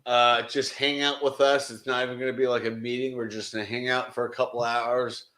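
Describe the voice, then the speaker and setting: Man, librarian, casual podcast talker; middle pitch, loose rambling storyteller, roomy echo on the mic. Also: a little fast. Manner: rambling storyteller, quotes others in a lively voice.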